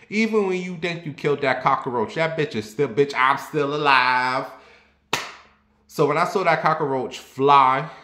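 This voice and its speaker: A man from the New York area telling a personal story in a sassy, animated, profane way. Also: medium pitch. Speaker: vlogger. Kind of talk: casual storytelling. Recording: roomy echo.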